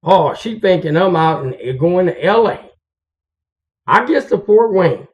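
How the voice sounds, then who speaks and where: Laid-back truck driver telling stories. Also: male voice, high voice, lively intonation, unhurried. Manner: casual slangy drawl, confiding. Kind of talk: storytelling and advice to fellow drivers. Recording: dull lo-fi recording.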